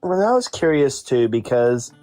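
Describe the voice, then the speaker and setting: Relaxed, joking male panelist. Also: medium pitch, normal speed, no echo, soft background music. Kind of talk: casual panel chat.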